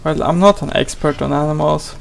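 A man's voice: a little high, fairly quick, gravelly, a little hiss or hum, rough recording. A man hosting a gaming channel, giving playful, exclamatory let's play commentary and talking to his character.

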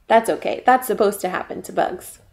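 A woman's voice: medium pitch, a little fast, creaky, a little mellow. A woman librarian reading a children's storybook aloud at storytime, inviting listeners to chant along.

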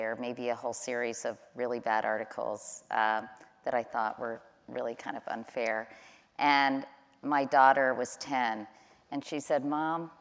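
A middle-aged woman interviewing a guest on stage, conversational and quick to laugh. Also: a bass voice. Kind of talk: onstage interview. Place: large auditorium stage. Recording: long hall reverb.

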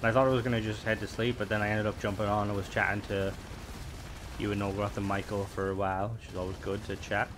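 A man's voice: lowish voice, little pitch movement, fast talker, background noise. A young man streaming a game, chatting casually and rambling with lots of fillers and playful asides. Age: young adult. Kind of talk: casual chat while gaming.

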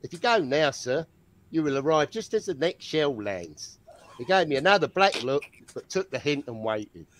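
A man's voice: fairly high pitch, sing-song, normal speed, a bit bright, slight background noise. A man doing a mock Australian accent, voicing a cheeky male soldier from the First World War. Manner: put-on accent, reading a diary quote.

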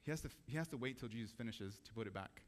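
A man's voice: medium pitch, lively intonation, very fast. Man preaching a casual sermon. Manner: casual, conversational, asks the audience questions. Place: church.

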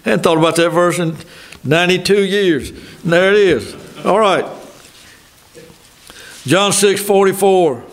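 Older Southern male preacher, high voice, folksy and conversational from the pulpit. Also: unhurried, long pauses. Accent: Southern American. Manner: folksy, thinking aloud with asides. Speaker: pastor. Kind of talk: sermon.

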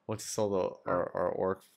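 A man's voice: sits low, gravelly, a little mellow. A man playing in a tabletop game, chatting in a laid-back, joking way. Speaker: player. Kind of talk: casual tabletop game banter.

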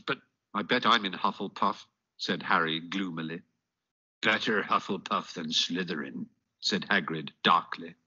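A man's voice: fairly low pitch, slightly rough. A man narrating an audiobook expressively, switching into character voices. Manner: expressive, storytelling. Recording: dull lo-fi audiobook clip.

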